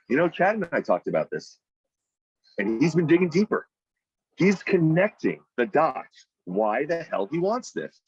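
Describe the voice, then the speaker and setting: A man leading a weekly team meeting over a video call, telling a story and giving an emphatic motivational talk that jumps to loud, high peaks. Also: big pitch swings, moderate pace, slightly rough, dry recording, highs cut off. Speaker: team leader running a weekly sales meeting. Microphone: video call microphone.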